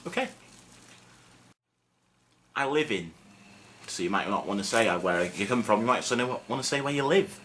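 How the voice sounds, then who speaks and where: Young male tutor, casual self-mocking delivery, bright and tense tone, light background noise. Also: medium pitch, moderate pace, long pauses. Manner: relaxed, self-mocking, chatty with many fillers. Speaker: Welsh language teacher. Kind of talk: casual video lesson.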